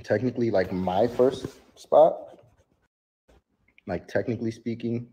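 A man giving a rambling, emotional confessional rant, now and then rising into shouted outbursts. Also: medium pitch, measured pace. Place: home, near a shower. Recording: echoey room.

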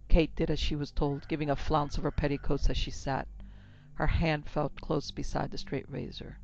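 Gravelly woman narrating a horror tale. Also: deep voice, little pitch movement, normal speed, darkish tone. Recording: dull lo-fi with faint music.

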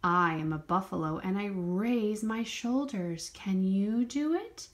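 A woman's voice: mid-range voice, slow. A woman leading a children's movement lesson, reading a picture book aloud in a sing-song voice and cheering the dancers on. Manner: lively sing-song storybook reading, encouraging prompts. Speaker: dance teacher.

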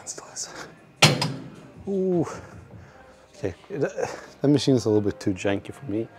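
A man's voice: mid-range voice, very animated, normal speed, very noisy. A man livestreaming from the gym, chatting casually with viewers in a profane, self-mocking way. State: out of breath at times. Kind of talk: casual livestream chat while working out.

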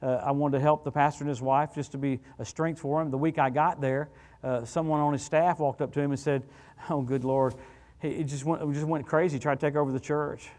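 Animated preacher in a reverberant church. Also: male voice, fairly high pitch, fast. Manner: storytelling, animated and conversational. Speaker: guest preacher. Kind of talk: sermon. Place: church sanctuary.

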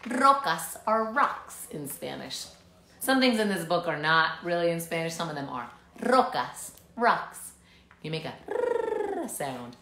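A woman reading a picture book aloud to children, animated and coaxing them to clap and shake along. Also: lowish voice, measured pace, roomy sound, background noise. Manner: animated, coaxing kids to join in. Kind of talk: interactive storybook read-aloud.

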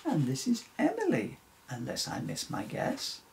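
A man playing a kindly older Santa in a storybook, unhurried and gently knowing, with a gravelly texture and lively rise and fall. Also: a little high, a little hiss or hum, heavily acted.

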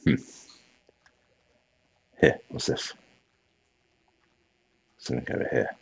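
A man out of breath, giving jittery live commentary on a horror game, talking to his character and dropping to whispers. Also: slow pace. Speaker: let's play streamer.

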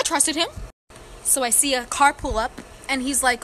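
A woman with a high, bright voice tells a family story in slangy speech. She sounds sarcastic and mocking, with faint background noise behind her. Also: unhurried. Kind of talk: casual storytime.

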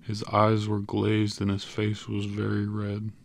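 A man narrating an audiobook in a measured, even way. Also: on the low side, creaky. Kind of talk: scripted narration.

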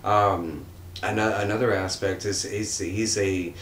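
Male comics vlogger, low and loose, chatty and meandering, echoey room. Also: fairly even intonation, measured pace, fairly bright tone. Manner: rambling and earnest, many fillers and restarts. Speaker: comics channel host. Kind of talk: casual vlog shoutout. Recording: roomy echo with faint rumble.

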